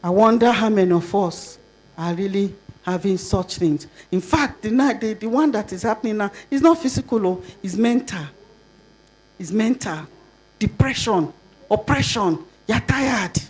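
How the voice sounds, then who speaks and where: An older woman with a Nigerian accent giving a conference talk, lively and asking the audience rhetorical questions. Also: medium pitch, normal speed, breathy edge. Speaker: conference speaker.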